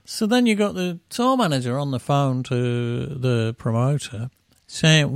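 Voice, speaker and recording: A man's voice: mid-range voice, lively intonation, unhurried, vocal fry, hardly any pauses, smooth, no room sound, studio quality. A middle-aged man, a musician guest, telling rambling tour anecdotes and acting out the quotes. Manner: rambling, with acted-out quotes and laughs. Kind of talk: anecdotal storytelling.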